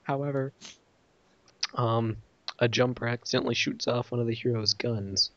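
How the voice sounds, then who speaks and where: A man's voice: medium pitch, steady tone, moderate pace, sharp tone, lo-fi sound. A man casually reviewing an episode, retelling the plot in a rambling way and voicing quoted lines.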